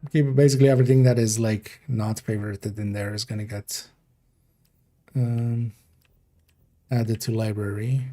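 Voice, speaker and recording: A man's voice: fairly low pitch, steady tone, moderate pace, long pauses, mellow. A man streaming a game, chatting casually in a rambling, mumbling way full of fillers. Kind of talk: casual livestream game talk.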